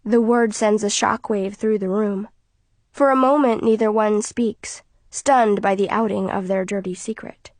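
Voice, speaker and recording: A woman narrating an audiobook in the first person, in a quiet, tense manner. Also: medium pitch, normal speed, no echo.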